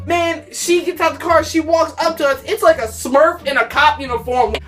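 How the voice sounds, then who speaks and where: A woman casually telling a funny story from her youth, animated and jokey, breaking into shouts. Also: sits high, normal speed, distant mic, soft background music.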